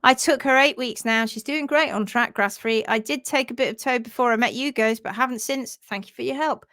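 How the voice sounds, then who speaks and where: A chatty woman hosts a live stream about horse care, reading viewer comments aloud and reacting with quick laughs. Her voice sits a little high for a woman, and she acts out quotes in playful voices. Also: a bit bright, no echo, studio quality.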